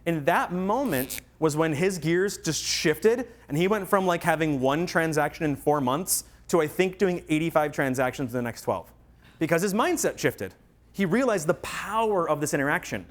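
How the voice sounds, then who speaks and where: Man, slightly high voice, energetic storyteller, real estate workshop talk. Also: normal speed.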